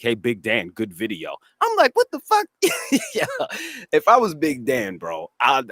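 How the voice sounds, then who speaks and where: A man with a raspy voice and a New England accent, chatting casually and laughing often on a live stream. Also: fairly low pitch, a bit bright, no room sound, clean studio sound. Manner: slangy, laid-back, laughs often. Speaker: cannabis grower and streamer. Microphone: dry close mic, studio.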